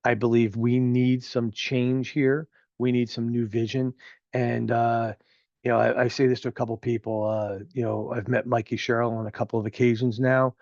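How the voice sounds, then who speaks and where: A man's voice: medium pitch, little pitch movement, moderate pace, darkish tone, no room sound. Chatty middle-aged man, muffled dry sound. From New Jersey. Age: 50s. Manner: chatty, rambling, with frequent filler words. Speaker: show host. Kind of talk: opinionated local commentary.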